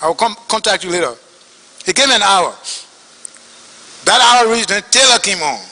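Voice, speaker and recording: A man with a Liberian English accent testifying at a hearing, telling his story in an animated way and acting out the dialogue. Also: high voice, normal speed, big-room sound, rough recording. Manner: animated, acts out quoted dialogue.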